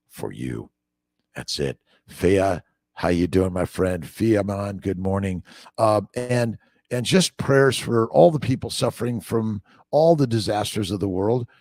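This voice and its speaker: A man's voice: on the low side, darkish tone, no room sound. An older man, a doctor, hosting a casual morning livestream, upbeat and preachy, greeting viewers by name.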